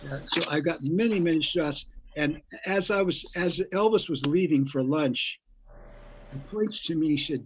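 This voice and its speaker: A man's voice: on the high side, moderate pace, a little hiss or hum, low-quality recording. An older man, a guest musician, telling a long story in a rambling way. He repeats words as he goes and acts out the voices of the people he quotes. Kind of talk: anecdotal storytelling.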